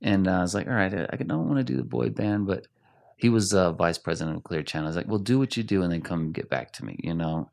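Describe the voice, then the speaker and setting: A middle-aged man from Arizona, a rock singer, telling animated stories in a casual interview and laughing often. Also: deep voice, fast, vocal fry.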